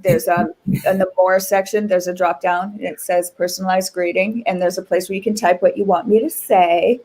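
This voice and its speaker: A woman's voice: fairly low pitch, steady tone, normal speed, darkish tone. A woman guest on a livestream, chatting casually, bubbly and self-deprecating.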